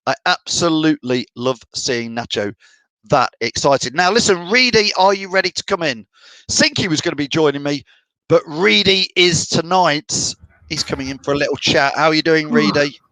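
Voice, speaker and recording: A man's voice: on the high side, moderate pace, pushed and bright, no echo, rough recording. A middle-aged man from the of England hosting a fan live stream, chatting and reading out viewer comments. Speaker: fan channel host.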